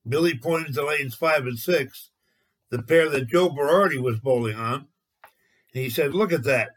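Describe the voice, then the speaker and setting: A man's voice: fairly high pitch, a little slow, rough recording. Man telling a bowling memoir. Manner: steady, anecdotal retelling. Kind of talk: storytelling narration.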